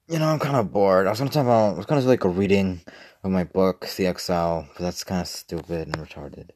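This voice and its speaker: A man's voice: low-pitched, quick pace, a little mellow. A young man rambling casually and profanely on a livestream, with mumbled asides. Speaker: streamer.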